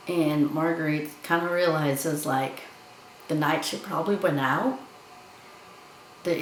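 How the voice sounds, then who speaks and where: A woman's voice: low-pitched, reverberant, a little hiss or hum, rough recording. A woman giving a casual film review, chattily retelling scenes and acting out the characters' lines.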